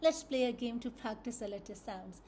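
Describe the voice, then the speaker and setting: A woman teaching phonics to young children, slowly and patiently, repeating each letter sound several times. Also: on the high side, expressive, dark tone, a little hiss or hum.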